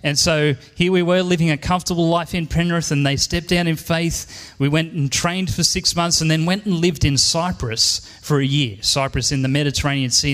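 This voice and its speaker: A man's voice: a little high, fairly bright tone, in a large hall. An Australian man in his forties preaching a sermon in church, earnest and emphatic, repeating his key lines. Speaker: pastor.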